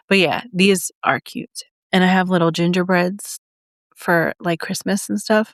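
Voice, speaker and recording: A woman's voice: on the low side, dry recording, clean studio sound. Giggly breathless woman podcast host. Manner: giggly, rambling, repeats herself. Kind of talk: casual solo podcast chat.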